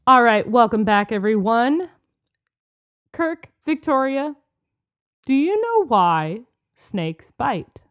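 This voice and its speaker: A woman co-hosting a podcast, chatting casually and explaining with a lively, laughing manner. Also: fairly high pitch, slow pace, long pauses, smooth, muffled recording, soft background music. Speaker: podcast co-host. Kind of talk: casual chat.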